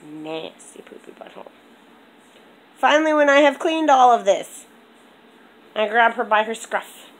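A young woman chatting on a home vlog, rambling and animated, with a congested throat. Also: fairly high pitch, normal speed, slight background noise, low-quality recording. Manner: rambling, animated storytelling with lots of "like". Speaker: vlogger. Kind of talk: casual vlog chat.

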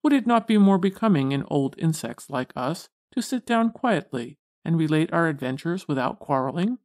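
A frail but dignified old male butterfly from a storybook, speaking in a solemn, formal manner, voiced by a woman reading aloud. His speech is measured and proper, like an elder giving counsel. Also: sits low, big pitch swings, darkish tone.

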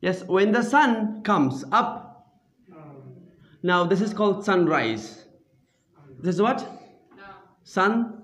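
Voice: medium pitch, animated, takes it slowly, long pauses. An English teacher running a classroom drill, asking questions and answering them, repeating simple phrases, and praising often with "very good" and "excellent.". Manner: patient call-and-response questioning with frequent praise.

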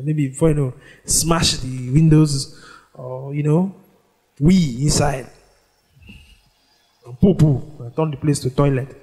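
A man preaching a sermon, leading the congregation in call-and-response and drawing out scripture phrases slowly. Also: fairly high pitch, warm tone. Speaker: pastor. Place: church.

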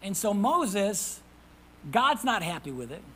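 A man preaching a sermon as pastor. He reads scripture aloud, calls out to the congregation for responses, and swings from hushed whispers to loud emphasis. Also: high voice, very animated, takes it slowly, a little hiss or hum, low-quality recording. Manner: reads scripture in old-fashioned wording.

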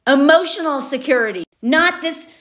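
A woman from the American South giving sarcastic, animated commentary and acting out characters' lines. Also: sits high, moderate pace, heavy background noise. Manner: animated, sarcastic, quoting characters in exaggerated voices. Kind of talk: casual commentary.

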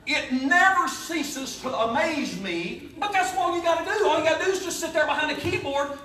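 A pastor, preaching a folksy, joking sermon in a church. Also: male voice, extremely high pitch, animated, fairly quick, few pauses, a crowd in the background. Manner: folksy, joking preaching with sudden loud rises. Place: church sanctuary. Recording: echoey church, voice from a distance.

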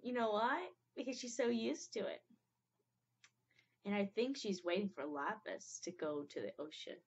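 A young woman hosting a reaction video, talking in a halting, emotional way with many restarts. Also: medium pitch, animated, breathy edge. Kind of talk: casual reaction commentary. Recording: dull lo-fi home recording.

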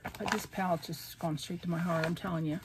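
A middle-aged woman casually chatting at home as she opens craft mail, gushing and jumping to squealing highs when excited. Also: a little fast, noisy background. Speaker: craft vlogger opening friend mail. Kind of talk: casual chat.

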